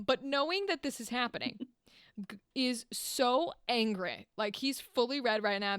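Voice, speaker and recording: Animated, swearing young woman podcaster. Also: a little high, smooth, no room sound, clean studio sound. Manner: animated, swears freely, playful. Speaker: podcast host. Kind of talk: casual comedic explainer.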